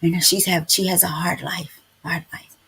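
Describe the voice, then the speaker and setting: A woman's voice: on the low side, little pitch movement, moderate pace, vocal fry, fairly bright tone, husky. A middle-aged woman, hosting a casual devotional live-stream chat and preaching to listeners. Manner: chatty, preachy, keeps addressing listeners as y'all. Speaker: podcast host.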